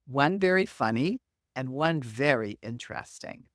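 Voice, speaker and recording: A middle-aged woman who works as a medium appears on a podcast and tells anecdotes in an interview, animatedly acting out the dialogue she quotes. Her rumbling low voice moves a little slowly, recorded at studio quality with no room sound.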